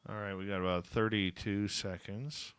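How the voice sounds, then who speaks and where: Male radio host, bright close dry sound, chatty and informal, upbeat promo reads. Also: on the low side, fairly even intonation, normal speed, clear, resonant tone, no echo. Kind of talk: casual radio chat and show promos.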